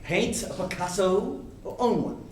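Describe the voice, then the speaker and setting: A man's voice: sits high, a little slow, slight background noise. An actor playing a frustrated, earnest male TV actor in a live stage play, talking in an exasperated way. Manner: exasperated, lively storytelling. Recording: echoey stage from far off.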